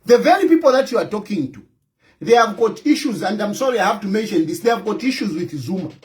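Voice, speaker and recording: A man's voice: high-pitched, animated, fast. A Zambian man with a Zambian accent, an opposition party leader giving impassioned political commentary, emphatic and scolding, repeating his points.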